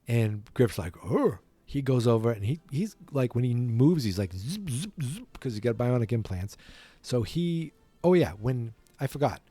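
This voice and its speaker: Rambling man with a mellow voice. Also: mid-range voice, expressive, normal speed, no echo, soft background music. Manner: rambling, self-correcting, playful. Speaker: podcast host. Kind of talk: casual retelling from memory.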